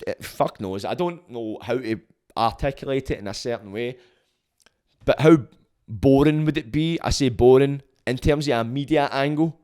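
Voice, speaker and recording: A young Scottish man holds forth on his podcast in a casual, opinionated monologue. He is blunt and full of swearing, and his voice sits at a middling pitch for a man. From Scotland. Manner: blunt and sweary, heated rants. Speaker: podcast host.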